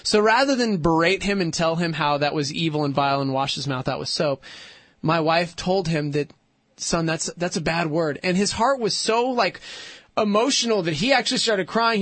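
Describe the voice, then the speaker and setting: A man with a notably high speaking voice chats casually on a podcast and tells his stories with lively, acted-out quotes. The sound is dry and close, with no room echo. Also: brisk. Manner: animated storyteller who acts out quoted voices. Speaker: co-host.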